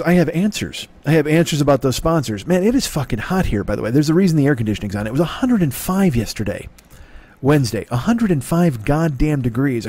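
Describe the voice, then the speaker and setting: A man's voice: on the high side, darkish tone. A man hosting his own comedy podcast, rambling and swearing in a self-mocking monologue. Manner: rambling, profane, self-mocking, bursts into silly crooning. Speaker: podcast host.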